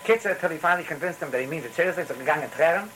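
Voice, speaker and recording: A man's voice: a little high, lively intonation, very fast, fairly bright tone, a little hiss or hum, low-quality recording. A man with giving a rambling, storytelling Torah talk, full of restarts and phrases. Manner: rambling, repetitive restarts, mixes in Yiddish phrases.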